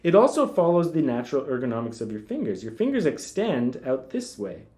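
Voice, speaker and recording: A man giving a casual spoken guitar lesson, talking in a relaxed way between demonstrations, with guitar playing heard behind him. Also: medium pitch, brisk. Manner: relaxed, talks while demonstrating, counts fingerings aloud. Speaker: guitar teacher. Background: guitar music.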